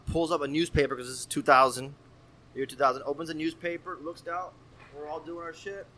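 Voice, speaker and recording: Man, thirties, pitched a bit high, loud, profane storyteller who acts out every voice. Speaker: podcast guest. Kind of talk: casual storytelling.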